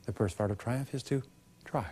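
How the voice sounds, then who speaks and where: Slight background noise sits under this man's medium-pitched, darkish voice as he speaks at a normal pace. He is a motivational speaker at a seminar, emphatic, asking rhetorical questions and having the crowd echo his lines.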